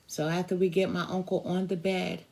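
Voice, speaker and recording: A tarot reader, a woman, tells a personal story to her viewers in a slow, drawn-out conversational way. Her voice sits a little low, with a gravelly fry and a mellow, dark color. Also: flat delivery.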